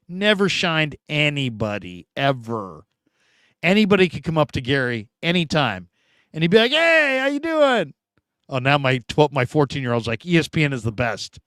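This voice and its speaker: A man hosting a sports show, chatting casually and reading viewer comments, animated and talkative with loud bursts and quiet asides. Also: medium pitch, no room sound. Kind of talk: casual live-stream chat reading comments.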